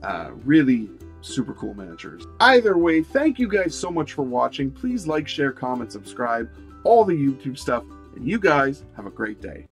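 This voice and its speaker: A man with a gravelly, creaky voice narrates a hobby painting tutorial in a casual, meandering way, often pausing on fillers. His pitch sits in a middle range, and soft music plays faintly behind him. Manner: relaxed and rambling, with many fillers. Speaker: miniature painting host.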